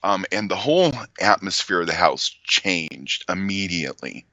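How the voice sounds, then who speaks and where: A man, a podcast guest, telling a story casually in a halting way, with restarts and small nervous laughs. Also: sits low, expressive, bright, forceful tone, no room sound, dull audio.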